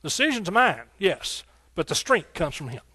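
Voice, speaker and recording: Preaching a sermon at normal speed, a pastor uses a higher, sing-song male voice with a breathy edge. He speaks fervently and rhythmically, with repeated phrases and cries of hallelujah, folksy and talking right to the congregation. The recording is dry.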